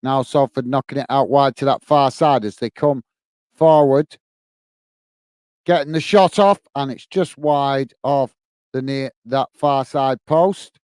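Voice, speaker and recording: A man with a Northern Irish accent hosting a football watch-along stream, giving steady play-by-play and chatting in a friendly way as he reads viewer comments. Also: medium pitch, unhurried, smooth, no room sound. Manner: friendly and chatty, often says "mate" while reading viewer comments. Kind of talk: live play-by-play commentary with chat.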